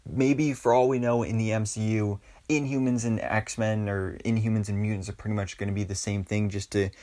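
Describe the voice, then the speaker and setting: A young man giving a chatty, excited episode review as a channel host, full of casual fillers. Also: lowish voice, a little fast. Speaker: YouTube reviewer. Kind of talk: casual commentary.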